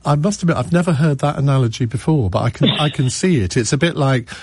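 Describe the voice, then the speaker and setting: A man's voice: medium pitch, fast, slightly rough, dry recording. A man hosting a radio phone-in, chatting easily with callers and reading out listener messages. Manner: relaxed, conversational, reads listener messages.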